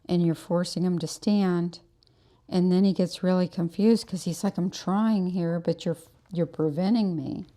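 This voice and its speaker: A woman with a fairly low, mellow voice, taking her time as she explains her grooming technique. She keeps breaking off to murmur praise and coax the dog on her table in the grooming salon. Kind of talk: instructional grooming demo.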